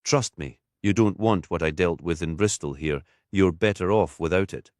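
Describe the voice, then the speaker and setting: A man's voice: low voice, moderate pace, a little mellow, no room sound, studio quality, close to an everyday voice. A man voicing a scarred, weary male detective who speaks tersely and wryly, in an audiobook. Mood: firm. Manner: terse, wry. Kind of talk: audiobook character voice.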